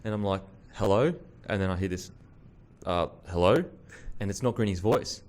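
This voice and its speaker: A young Australian man hosting a podcast, telling a story in casual chat with swearing and animated delivery. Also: deep voice, brisk. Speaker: podcast host.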